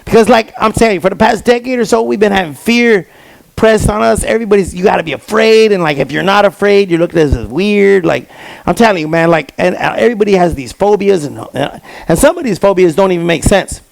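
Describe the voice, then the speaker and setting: A man doing a stand-up comedy set on stage, telling stories with lively quoted voices. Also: high-pitched, a little fast, gravelly, no echo. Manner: animated storytelling with quoted voices. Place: comedy stage before a live audience.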